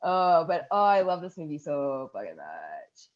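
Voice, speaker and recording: A woman in her thirties co-hosting a podcast, casually retelling a movie scene by scene, swearing and shrieking the characters' yells. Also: low voice, a little slow, dull audio. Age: 30s. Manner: animated storytelling with loud shrieks and swearing. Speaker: podcast co-host. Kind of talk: casual chat recapping a movie.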